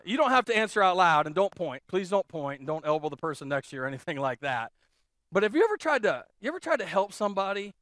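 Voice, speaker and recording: A man preaching a sermon as pastor, telling stories in a lively way and repeating phrases for emphasis. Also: high voice, no room sound, studio quality. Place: church.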